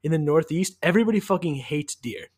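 A young man from the US Northeast co-hosting a casual movie podcast, excited and fast, full of "like" and "dude". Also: a little high, breathy edge. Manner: animated, fast, leans on "like" and "dude". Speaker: podcast co-host. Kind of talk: casual movie-review chat.

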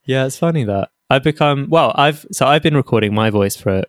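A man's voice: medium pitch, animated, fairly quick, no echo, clean studio sound. A man hosting a podcast, chatting in a curious, thoughtful way and laughing easily. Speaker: podcast host. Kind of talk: casual podcast interview.

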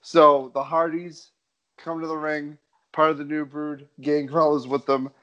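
A man's voice: fairly high pitch, little pitch movement, measured pace, fairly bright tone. A man co-hosting a casual podcast, bluntly setting the scene and cursing. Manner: blunt, profane, sets the scene. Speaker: podcast co-host. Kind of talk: casual chat recapping wrestling. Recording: dull lo-fi mic.

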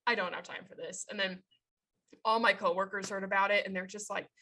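A woman in her thirties telling a story in casual chat, animated and swearing freely as she laughs along. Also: mid-range voice, fairly quick. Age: 30s.

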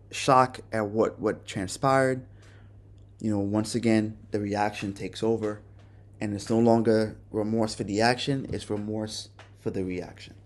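A male podcast host telling a personal story in a halting, remorseful way, often restarting his sentences. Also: on the low side, darkish tone. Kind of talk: personal confession monologue.

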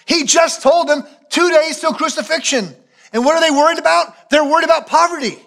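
A man preaching a sermon as pastor, emphatic and repetitive, sometimes dropping to a low, quiet voice for solemn points. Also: fairly quick, vocal fry. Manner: emphatic preaching, repeating phrases for weight.

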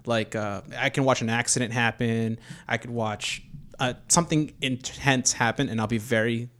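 A man's voice: mid-range voice, fairly even intonation, normal speed, fairly bright tone, slight background noise. A man of thirty, a first-time father-to-be, telling a long personal story in casual chat, rambling and candid with some swearing. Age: 30s. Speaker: podcast host, expecting first child.

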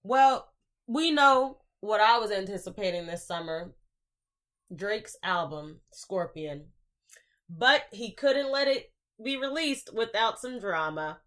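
A woman's voice: medium pitch, animated, slow pace, fairly bright tone. A woman hosting a casual podcast, talking through her opinions in an easygoing conversational way. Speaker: podcast host.

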